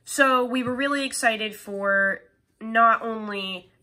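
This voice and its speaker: This is a young woman hosting a casual gear review vlog, her voice a bit nasal from a lingering cold. She sounds bright and forward, chatty and upbeat as she explains the details of what she's showing. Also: fairly high pitch, takes it slowly. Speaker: knife reviewer.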